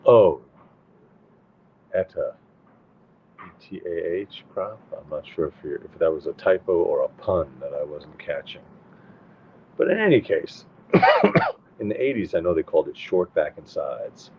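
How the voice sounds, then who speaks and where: A man's voice: very deep voice, huge pitch swings, normal speed, slight background noise. A tired man hosting a casual home show at night, rambling and thinking aloud as he looks things up. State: tired, yawning. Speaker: show host. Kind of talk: casual livestream chat. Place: at home at night with a dog nearby. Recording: tinny phone-like sound with faint music.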